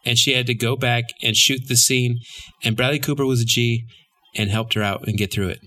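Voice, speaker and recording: A man's voice: medium pitch, steady tone, brisk, bright, forceful tone. A man co-hosting a casual film podcast, joking and blunt with frequent swearing. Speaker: podcast co-host. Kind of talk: casual chat.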